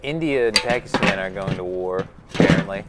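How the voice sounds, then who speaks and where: Low-voiced, wry young man. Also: fairly quick, very noisy. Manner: wry, ribbing, deadpan asides. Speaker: podcast co-host. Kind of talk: casual chat while grilling. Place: outdoors at a backyard grill.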